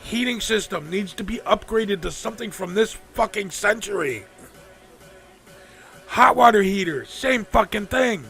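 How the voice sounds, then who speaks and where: A man with a high, gravelly voice rants on his live stream, swearing freely and mimicking the people who wronged him. His tone is bright and sharp. Faint music plays behind him. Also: lively intonation, measured pace. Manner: angry, profane venting with mocking quoted voices. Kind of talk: ranting casual talk.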